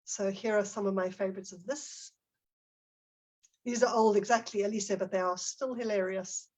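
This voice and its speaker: Husky woman presenting a webinar. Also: medium pitch, fairly even intonation, normal speed, a little mellow. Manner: explanatory, reads out chat comments from participants. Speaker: teacher trainer presenting a webinar.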